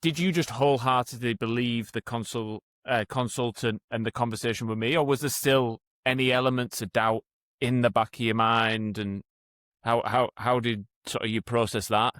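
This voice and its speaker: A male rehab coach hosts the conversation in a middle-pitched voice. He feels his way into each question, repeating and restarting words. The recording is dry and close. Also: fairly even intonation, normal speed, a bit bright, dry recording. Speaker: rehab coach and podcast host. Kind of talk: interview questions.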